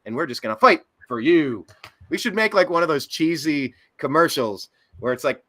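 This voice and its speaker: Male host, casual chat, joking, lively pitch, bright tone. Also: normal speed. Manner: joking, animated.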